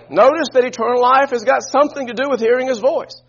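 A male preacher with a very high, husky voice, leading his congregation through scripture in call-and-response. He moves between quiet, conversational asides and loud, shouted emphasis. The recording is muffled and dull. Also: fast, hardly any pauses. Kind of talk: sermon.

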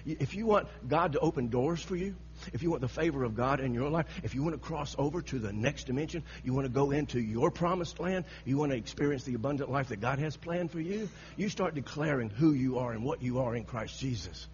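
A man's voice: mid-range voice, lively intonation, fairly quick, darkish tone. A man preaching a sermon, telling a story with frequent laughter and repeated phrases, on a dull lo-fi recording with a faint hum.

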